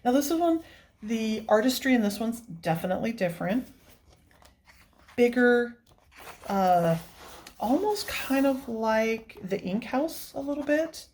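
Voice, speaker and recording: A woman's voice: a little high, lively intonation, unhurried, long pauses, darkish tone. A woman hosting a casual vlog, chatting and gushing as she shows things, laughing often. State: tearful, near crying. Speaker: coloring book channel host. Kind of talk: casual show-and-tell vlog.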